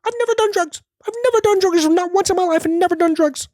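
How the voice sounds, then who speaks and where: A frantic, shrill hustle guru. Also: male voice, a little mellow, no echo, studio quality. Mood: defensive. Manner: rapid-fire, pushy, badgering. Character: frantic hype-driven male hustle-culture guru, impression.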